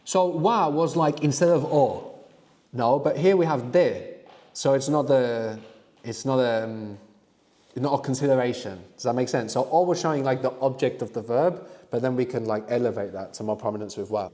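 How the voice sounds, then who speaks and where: A man's voice: mid-range voice, moderate pace, mellow, long reverb tail. A man teaching a language lesson, asking the student questions and adding "no?" at the end of his points. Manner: prompting questions, frequent "no?" tags.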